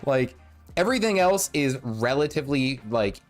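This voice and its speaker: A man's voice: mid-range voice, big pitch swings, moderate pace. A male livestreamer talks over his gameplay in a loose, rambling way, cracking jokes at his own expense. His voice sits in a middle range. Faint game music plays behind him. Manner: rambling, jokey, self-mocking. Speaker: gaming livestream host. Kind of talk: casual gameplay commentary.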